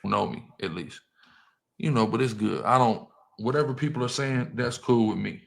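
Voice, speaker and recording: Gravelly, defiant man speaking in slang. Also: mid-range voice, normal speed. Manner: defiant, slangy street talk. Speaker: online religious content creator in a played clip. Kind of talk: casual video monologue.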